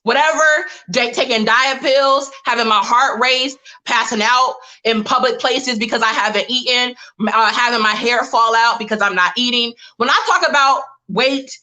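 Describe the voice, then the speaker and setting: A woman with a bright, slightly high voice gives a motivational talk to a live online audience. She tells personal stories in a direct, lively way and speaks straight to her listeners as "y'all." She talks into a webcam or phone mic on a live stream. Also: moderate pace, few pauses.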